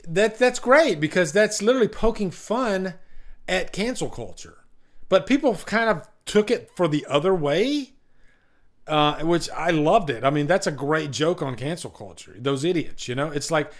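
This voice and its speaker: A man's voice: fairly high pitch, expressive, moderate pace. A man hosting a live stream, talking casually and rambling with enthusiasm and many restarts. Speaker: host.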